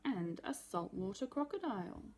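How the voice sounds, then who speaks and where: A woman's voice: medium pitch, sing-song, normal speed, darkish tone, a little hiss or hum. A woman voicing a matter-of-fact little girl. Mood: warning. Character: knowing young girl giving warnings.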